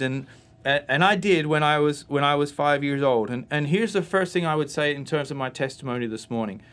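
A man's voice: a little high, brisk, fairly bright tone, clear, resonant tone. A man from Australia, a guest giving a storytelling personal testimony on a church talk show. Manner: storytelling, acts out voices in his anecdotes.

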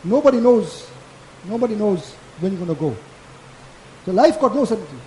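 A man gives a Friday sermon in a very high, lively voice that is mellow in tone. He talks casually and hammers each point by repeating it. The sound is echoey, as in a mosque hall. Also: normal speed, a little hiss or hum. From South Africa. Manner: casual, repetitive and emphatic preaching. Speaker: maulana giving a Friday lecture.

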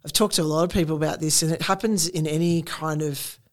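A woman's voice: low voice, fairly even intonation, fast. An Australian woman guest talking casually in an interview, chatty with lots of fillers and laughter.

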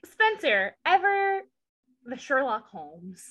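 A woman with a Southern accent co-hosting a casual recap podcast, sarcastic and animated, slipping into impressions. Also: sits high, slow pace, muffled recording. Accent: Southern American. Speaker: podcast co-host.

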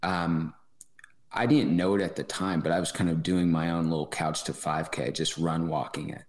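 A man with a very low voice talks as a guest on a casual podcast, thinking aloud and restarting his sentences. His voice carries a roomy echo. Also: steady tone. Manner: thoughtful, halting, many restarts. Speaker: running club president, guest.

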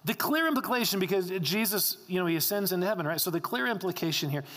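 Male pastor, fairly high voice, emphatic sermon delivery in a long-reverb sanctuary. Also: lively intonation, quick pace, a bit bright. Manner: emphatic, repeats key lines for stress.

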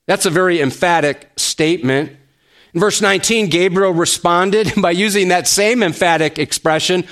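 A pastor preaching a sermon, slow and emphatic, with touches of gentle humor. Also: male voice, fairly high pitch.

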